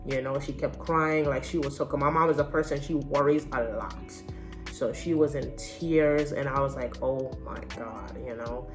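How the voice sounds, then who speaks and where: A woman's voice: very deep voice, steady tone, normal speed, soft background music. A young adult woman telling a personal story in a casual vlog, candid and slangy. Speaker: vlogger.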